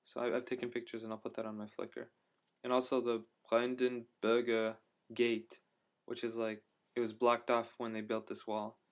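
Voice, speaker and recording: A man's voice: mid-range voice, completely flat delivery, moderate pace. Rambling young man vlogging his travels. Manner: rambling, hesitant, many fillers and restarts. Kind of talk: casual travel vlog monologue.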